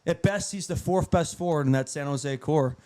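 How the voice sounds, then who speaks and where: Joking man with a fairly high voice. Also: normal speed, mellow. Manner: joking, teasing, laughs often. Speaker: co-host. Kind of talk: casual sports chat while watching a live game.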